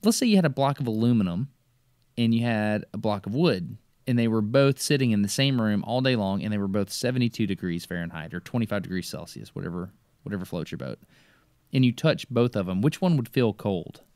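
Eager low-voiced man. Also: fairly quick, dry recording, clean studio sound. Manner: eager, excitable explaining. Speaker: podcast host. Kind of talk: casual chat.

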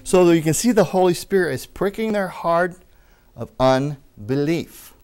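A man's voice: a little high, expressive, unhurried, a little mellow, clean tone. A man preaching a teaching sermon, emphatic and repeating amen with enthusiasm, with wry asides and small jokes.

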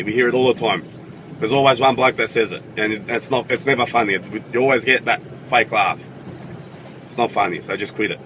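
A man's voice: medium pitch, brisk, background noise. A young man with an Australian accent, telling sarcastic, sweary comedic stories in a vlog.

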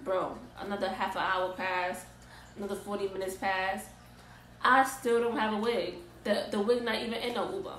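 A young woman telling an animated, exasperated storytime vlog in casual slang. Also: medium pitch, moderate pace, echoey room, slight background noise, rough recording. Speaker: vlogger.

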